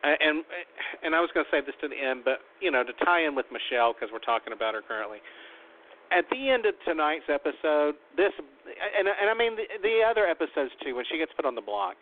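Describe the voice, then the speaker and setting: A man giving blunt, opinionated casual commentary as a host recapping a reality show. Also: a little high. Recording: tinny phone-line audio.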